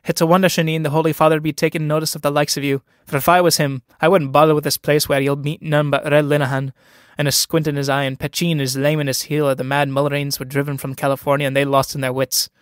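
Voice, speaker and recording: A man reading a play aloud, voicing a sharp-tongued young woman who teases and scolds with impatient scorn. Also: on the high side, little pitch movement, fast talker, hardly any pauses, clear, resonant tone, no room sound, studio quality, lightly acted. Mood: scornful teasing.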